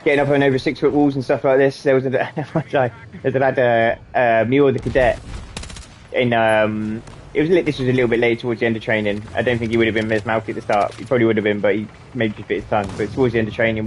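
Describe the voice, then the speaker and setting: A man's voice: medium pitch, little pitch movement, quick pace, a little hiss or hum. A young man swearing freely and laughing as he tells rambling stories while gaming. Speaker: gaming channel host. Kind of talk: casual storytelling while gaming.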